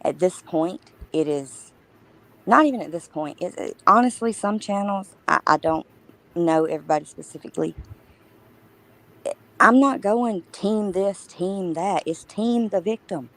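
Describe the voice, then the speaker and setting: A woman's voice: mid-range voice, animated, measured pace, a bit bright, rough recording. A woman co-hosting a casual true crime livestream, talking emphatically and indignantly with many restarts.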